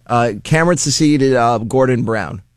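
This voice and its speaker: A man's voice: medium pitch, normal speed, dry recording, clean studio sound. A man co-hosting a talk show, reading out figures in a matter-of-fact way. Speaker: co-host. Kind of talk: casual chat.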